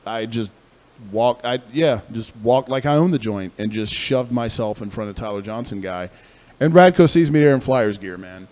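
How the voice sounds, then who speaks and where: A young man co-hosting a casual radio chat, telling a story in a profane, animated way. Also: medium pitch, normal speed. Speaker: podcast co-host.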